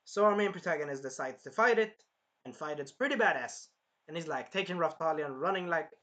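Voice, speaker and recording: A man giving a casual, excitable anime review, swearing freely along the way. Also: a little high, brisk.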